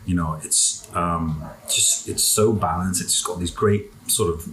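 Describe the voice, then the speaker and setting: A man in a relaxed interview, chatting enthusiastically about food and drink while eating. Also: low voice, measured pace, rough recording. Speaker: interview guest. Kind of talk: casual interview chat.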